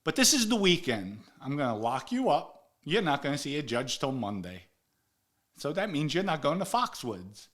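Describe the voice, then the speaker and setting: A man's voice: a little high, sing-song, moderate pace, fairly bright tone. A man voicing a blunt state trooper who gives a stern ultimatum. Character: tough state trooper laying down terms.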